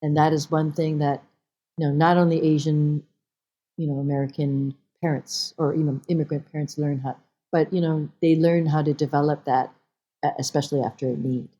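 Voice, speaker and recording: A woman's voice: deep voice, fairly quick, muffled recording. A woman actress talking as a podcast guest in a casual interview, telling stories with animation and acting out bits of dialogue. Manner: animated storyteller, acts out dialogue.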